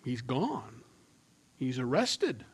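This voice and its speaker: A middle-aged male pastor preaching a sermon with emphatic bursts and quiet asides. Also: medium pitch, wildly swooping pitch, drawn-out words, slightly rough. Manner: emphatic, swings from loud to hushed.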